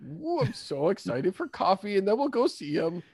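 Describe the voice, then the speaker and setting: A hammy, folksy fellow with a put-on drawl, done by a man at a tabletop game. His pitch swoops and bounces as he stretches his words out, and the sound is dry and close. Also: very animated, no room sound. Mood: eager. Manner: hammy, drawn-out folksy phrasing. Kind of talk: tabletop role-play in character.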